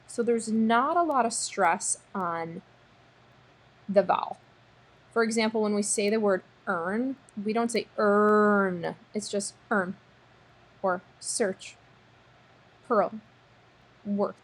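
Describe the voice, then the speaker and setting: A woman teacher leads a recorded spelling lesson, stretching each word out slowly and patiently. Her voice has a soft, breathy edge and sits at an ordinary pitch. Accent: American. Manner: slow, patient, sounds out words.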